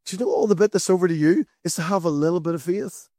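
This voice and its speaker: A man's voice: high voice, quick pace, warm tone, no room sound, studio quality. A man preaching a sermon to a church, earnest and conversational, repeating his key phrases.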